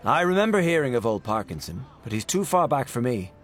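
A man voicing a blunt, nostalgic older male dinner guest in a lowish, gruff voice in a storybook reading. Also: big pitch swings, brisk, fairly bright tone, a little hiss or hum. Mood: agreeing. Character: older man, defiant, nostalgic for old singers.

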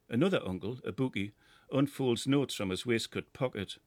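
A middle-aged man with a Geordie accent, reading a first-person story in a measured, lyrical way. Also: medium pitch, no room sound. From North East England. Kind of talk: scripted first-person narration.

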